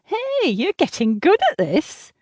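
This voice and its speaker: A woman's voice: sits high, wildly swooping pitch, unhurried, a little mellow, no room sound, clean studio sound, pitched above the performer's own voice, heavily acted. A woman putting on a nasal, chirpy Northern English lady. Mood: chirpy, friendly. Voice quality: nasal, grating. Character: chatty petite middle-aged Northern English woman.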